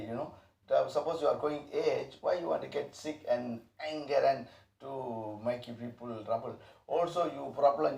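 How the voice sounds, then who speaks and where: Gravelly guy preaching in broken english, kinda far from the mic in an echoey room. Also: mid-range voice, lo-fi sound. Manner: broken English, repetitive, animated bursts. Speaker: spiritual teacher. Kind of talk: informal spiritual talk.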